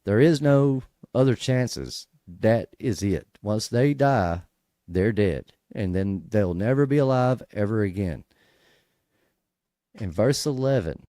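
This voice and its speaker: Male host for a casual Bible study, lowish dark voice, dry close sound, restarts often and then pushes hard on key points. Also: lively intonation, takes it slowly, dry recording. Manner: conversational, many restarts, emphatic bursts.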